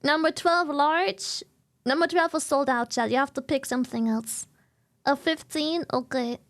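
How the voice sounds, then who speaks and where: A woman's voice: high-pitched, moderate pace. A woman streamer chatting casually and playfully with her viewers, with singsong asides.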